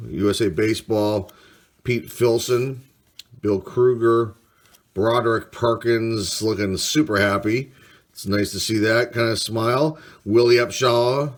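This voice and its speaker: Slow-talking man reading baseball cards. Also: lowish voice, a bit bright. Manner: unhurried, reads names aloud, mild enthusiasm. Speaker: card collector host. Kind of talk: casual card-break commentary.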